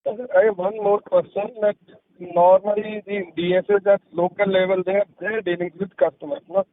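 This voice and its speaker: A man's voice: high voice, a little fast. A man with an Indian English accent, a caller asking formal questions on an earnings call, addressing people as sir. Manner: formal, says sir often. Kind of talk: conference call Q&A. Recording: tinny phone line.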